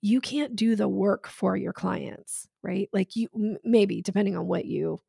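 Frank woman sales coach, gravelly edge. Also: medium pitch, a little slow, mellow, dry recording, studio quality. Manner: emphatic, frank, laughs between points. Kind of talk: casual podcast conversation.

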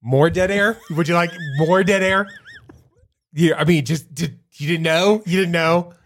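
A man's voice: fairly high pitch, unhurried, no echo. A man co-hosting a podcast in casual, playful, teasing chat. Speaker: podcast co-host.

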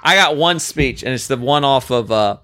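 Animated man on a casual podcast. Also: medium pitch, normal speed, no room sound, studio quality. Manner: joking, reciting movie lines with gusto. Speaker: podcast co-host. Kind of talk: casual chat.

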